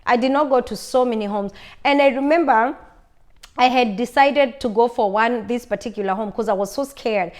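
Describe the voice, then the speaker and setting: A woman's voice: on the high side, moderate pace. A woman vlogger telling her own story in a casual, chatty way, often repeating herself and restarting sentences. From lives in Arizona.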